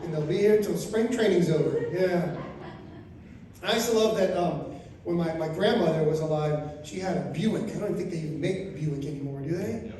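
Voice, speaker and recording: A stand-up comic in his fifties from Florida tells crude stories, leaping into loud animated outbursts. His voice comes from some distance away in a very echoey room, with faint noise underneath. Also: a little high, fairly quick. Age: 50s. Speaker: stand-up comedian. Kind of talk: stand-up comedy set. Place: RV resort event room, live audience.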